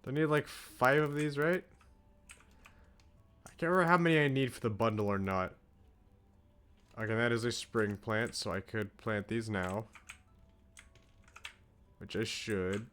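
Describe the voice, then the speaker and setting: A man's voice: on the low side, unhurried, pauses often, fairly bright tone. An American man streaming a farming game, chatting in a rambling, jokey and crude way to his viewers. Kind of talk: casual gaming commentary.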